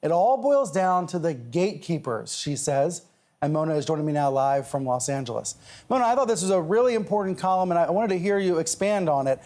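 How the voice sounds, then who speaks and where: A man anchoring a TV news show, introducing a live guest in a measured, deliberate way. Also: fairly high pitch, very animated, darkish tone. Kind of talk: broadcast interview introduction.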